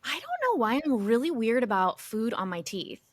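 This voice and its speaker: A woman's voice: a little high, lively intonation, moderate pace. A woman hosting a podcast, playfully reading out game questions and chatting with her guests. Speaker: podcast host. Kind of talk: casual podcast chat.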